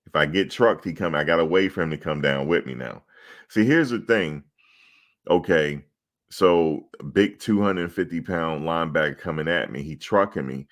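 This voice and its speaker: A middle-aged man telling animated, profane stories in a casual chat, acting out the quoted exchanges with loud emphasis. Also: a bass voice, moderate pace. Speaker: sports show host.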